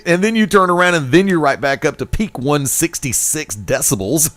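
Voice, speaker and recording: A man's voice: on the high side, animated, normal speed, fairly bright tone, dry recording. A man co-hosting a wrestling radio show and running its sound, telling stories with laughs and acted-out quotes. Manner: laughing storyteller, acts out quotes. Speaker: co-host and sound engineer. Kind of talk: animated radio banter.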